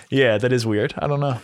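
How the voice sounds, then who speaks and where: A man's voice: medium pitch, no echo. A man in his twenties co-hosting a podcast, chatting casually, laughing often and swearing freely. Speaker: podcast co-host. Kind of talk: casual chat.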